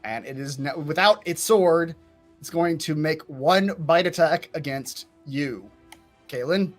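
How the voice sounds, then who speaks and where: A man's voice: on the high side, measured pace, faint music behind. A man narrating as game master in a tabletop game, speaking with frequent fillers and restarts.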